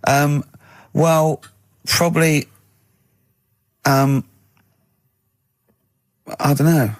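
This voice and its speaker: A man's voice: a little high, level tone, extremely slow, no room sound. A man co-hosting a radio show, explaining things in a matter-of-fact way. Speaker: radio co-host. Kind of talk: casual radio chat. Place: radio studio.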